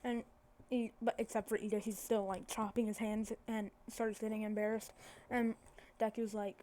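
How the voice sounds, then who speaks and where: A woman's voice: mid-range voice, flat delivery, moderate pace, warm tone. A woman casually telling a made-up fan story, rambling and correcting herself as she goes. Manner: rambling, self-correcting, many fillers.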